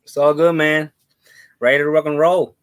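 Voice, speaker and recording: A man co-hosting a casual comics podcast, telling stories in a relaxed, enthusiastic way. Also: on the high side, moderate pace, smooth. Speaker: podcast co-host.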